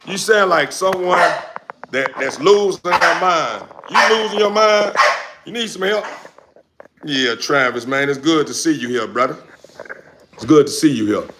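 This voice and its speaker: A man on a livestream, loudly and confrontationally answering viewers in casual slangy talk, recorded without a lapel mic. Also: fairly high pitch, animated, unhurried, background noise. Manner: loud, confrontational, repetitive, slangy. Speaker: dog breeder streamer answering chat. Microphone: no lapel mic, phone or camera mic.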